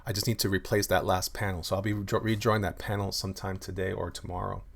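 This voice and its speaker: A man with a fairly low voice talks loosely through his illustrations on a live stream. He rambles and restarts often in an easy, friendly way, stopping to read out comments from viewers. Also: little pitch movement, quick pace, gravelly. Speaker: comic artist streaming live. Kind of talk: casual livestream chat reading viewer comments.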